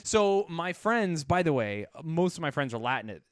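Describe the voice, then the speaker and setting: A man's voice: fairly high pitch, very animated, normal speed, dry recording, clean studio sound. A young man co-hosting a podcast, telling a story in casual chat. He swears a lot and acts out the people he quotes in raised voices. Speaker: podcast co-host.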